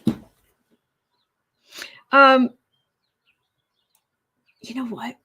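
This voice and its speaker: A woman's voice: sits high, steady tone, drawn-out words, bright, forceful tone, husky. A woman hosting a casual live tarot stream, chatting with viewers and reading their comments aloud, hot and sweaty in a room at home. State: overheated and sweaty. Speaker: tarot reader and livestream host.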